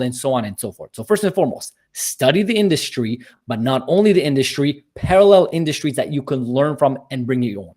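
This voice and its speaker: A man's voice: fairly high pitch, expressive, brisk, hardly any pauses, darkish tone. A man speaking as a podcast guest, earnest and motivational, building his points with emphasis. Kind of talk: podcast interview.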